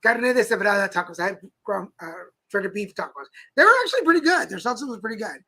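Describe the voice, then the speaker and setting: A man's voice: high voice, animated, quick pace, bright, forceful tone, rough recording. A man co-hosting a talk show, telling stories in a playful, chatty way with frequent laughs. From Mexico. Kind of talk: casual chat. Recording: live stream with faint background noise.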